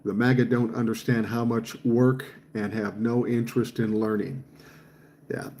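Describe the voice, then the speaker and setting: A man in his sixties with a dark, mellow voice talks through viewer comments on his livestream. He is blunt and profane, and his opinions come out fired up. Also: medium pitch, little pitch movement, measured pace. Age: 60s. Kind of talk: casual chat.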